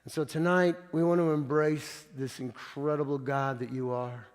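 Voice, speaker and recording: A male pastor delivers a sermon in a relaxed, conversational manner. He stumbles and restarts often as he tells his stories. His middle-pitched voice carries the long reverb of a church hall. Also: normal speed. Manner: conversational storytelling with frequent restarts.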